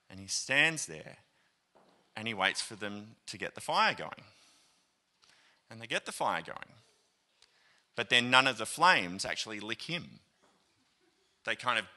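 Animated Australian man preaching. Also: mid-range voice. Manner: animated, acts out quoted voices, many fillers. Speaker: pastor. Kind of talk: storytelling sermon. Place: church auditorium.

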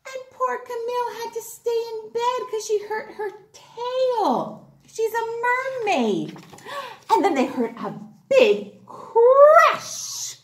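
Brief: high, sing-song woman teacher reading to little kids, slow and clear. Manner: animated, gently instructive. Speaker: preschool teacher. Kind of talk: children's circle time storytelling. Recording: roomy echo.

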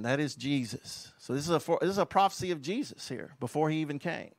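A man preaching a fiery, emphatic sermon as a pastor and quoting scripture forcefully. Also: on the high side, animated, fast, few pauses, no room sound.

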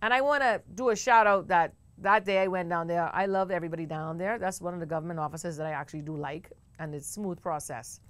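A woman with a Bahamian accent hosting a talk show, telling a story in a chatty, animated way with bursts of laughter. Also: fairly low pitch, fast, few pauses, no room sound. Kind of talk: casual storytelling to camera.

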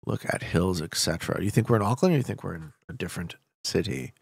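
A man streaming a geography guessing game, chatting to viewers with loud hype bursts and quiet muttering while he thinks. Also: deep voice, expressive, fast talker, vocal fry, breathy edge, no room sound, studio quality. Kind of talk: casual gameplay commentary.

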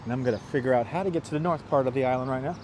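A New York man hosts a live stream on a walking city tour along streets by a river, talking into a wireless clip-on mic. His mid-range, darkish voice comes rapid-fire over a little hiss or hum as he greets viewers one by one, casual and upbeat.

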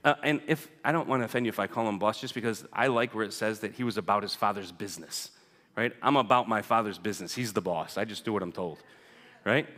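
A man's voice: on the low side, fast talker, fairly bright tone. A man telling a congregation a personal story in a chatty way, often tagging on "right?". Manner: chatty, keeps asking "right?". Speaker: guest speaker. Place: church sanctuary. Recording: long reverb in a big hall.

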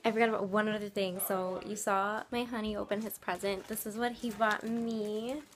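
A woman's voice: mid-range voice, steady tone, normal speed. A woman filming a casual family vlog at home, chatty and directing her family. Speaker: vlogger. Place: home during a family gathering. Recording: camera audio with chatter behind.

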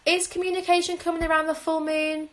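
A woman giving a live tarot reading, musing and intuitive, often pausing with "um" as she reads the cards. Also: extremely high pitch, level tone, fairly bright tone, rough recording. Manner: musing, intuitive, frequent "um" fillers. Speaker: tarot reader. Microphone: phone on a livestream.

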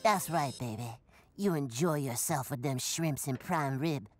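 A man's voice: medium pitch, measured pace, over music, natural voice. A man voicing a goofy, playful teen boy shapeshifter in a cartoon, talking with slang and a boastful swagger. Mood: crooning. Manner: slangy, boastful, crooning to a robot.

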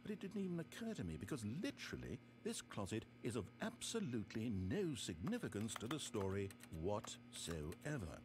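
A man's voice: fairly low pitch, wildly swooping pitch, normal speed, few pauses, noisy background. A man voicing a dry, sardonic narrator in a game, with wry, theatrical, exasperated asides. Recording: game audio with music behind.

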